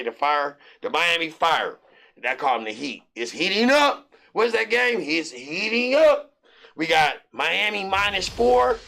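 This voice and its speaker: Guy doing betting picks, raspy bright voice, kinda hyped and rambling. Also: on the high side. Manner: loose, repetitive, hype delivery with slang. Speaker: sports betting show host. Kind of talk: casual sports betting picks.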